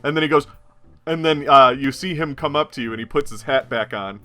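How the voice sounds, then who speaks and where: A man's voice: medium pitch, brisk, sharp tone. A man running a tabletop role-playing game as game master, rambling with many fillers and frequent laughs.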